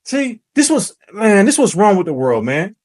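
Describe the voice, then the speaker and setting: A man hosting a reaction commentary, talking in a preachy, emphatic way that rises to shouts. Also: high voice, big pitch swings, moderate pace. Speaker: commentary host.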